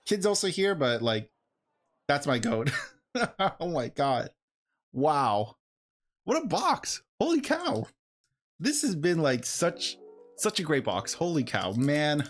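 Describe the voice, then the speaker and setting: A man streaming live, chatting casually and rambling while he opens a box of cards, getting excited and laughing often. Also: fairly high pitch, slow, faint music behind. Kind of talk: casual livestream chat while opening cards.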